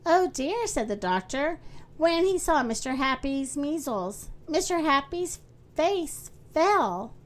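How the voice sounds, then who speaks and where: A woman hosting a children's story podcast, reading aloud in a friendly, animated way. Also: high voice, slow pace.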